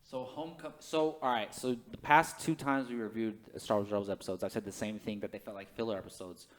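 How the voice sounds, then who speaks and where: A man co-hosting a casual podcast chat, excitable and quick to laugh. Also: on the low side. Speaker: podcast co-host.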